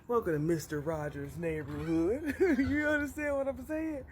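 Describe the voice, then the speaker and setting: A man's voice: extremely high pitch, little pitch movement, normal speed, hardly any pauses, slight background noise. A man from Michigan talking to his viewers in a loose, rambling way. He strings puns together, swears a lot, and keeps asking "you hear me?". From Battle Creek, Michigan. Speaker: vlogger. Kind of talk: rambling off-the-cuff monologue.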